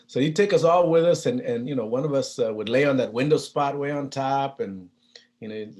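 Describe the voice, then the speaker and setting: A man's voice: medium pitch, a little mellow. Humble storytelling man at a keynote. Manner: hesitant, with many fillers and restarts. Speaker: keynote speaker.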